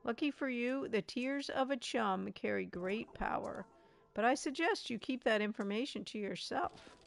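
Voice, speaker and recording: A woman voicing a giant, gentle, motherly female creature queen in a video game, speaking with a gracious, cooing manner. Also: fairly high pitch, animated, normal speed, vocal fry.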